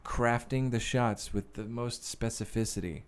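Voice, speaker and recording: A man's voice: medium pitch, fairly even intonation, a little slow, smooth. A man who is a guest actor and director, telling stories in a casual interview with profane, rambling speech full of fillers.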